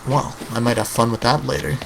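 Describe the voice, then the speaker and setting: A man's voice: mid-range voice, fairly even intonation, brisk, gravelly, slight background noise, rough recording. A man in his early twenties giving casual, rambling gameplay commentary as a channel host, swearing offhandedly. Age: early 20s.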